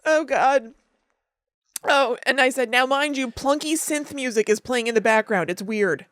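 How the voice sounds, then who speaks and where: A young woman co-hosts a podcast, chatting casually as she recaps a cartoon episode and grows emotional, laughing and crying through the retelling. Her voice sits high and her pace is measured, recorded in clean studio sound with no echo.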